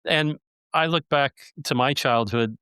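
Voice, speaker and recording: A man's voice: mid-range voice, measured pace, sharp tone, clean tone, no echo, clean studio sound. A man hosting a podcast interview, telling stories in a chatty, joking way. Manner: storytelling, jokey and chatty. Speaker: podcast host.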